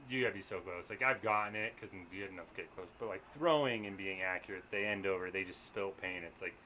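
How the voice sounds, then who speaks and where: A man's voice: low voice, fast talker, pushed and bright, a little hiss or hum. A man chatting on an outdoor patio, eagerly explaining his gear to friends. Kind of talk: casual chat.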